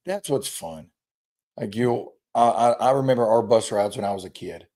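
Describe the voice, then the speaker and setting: A man with a low, mellow voice talks casually as a high school football coach. He rambles through stories and acts out the quotes of players. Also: moderate pace. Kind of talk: casual chat.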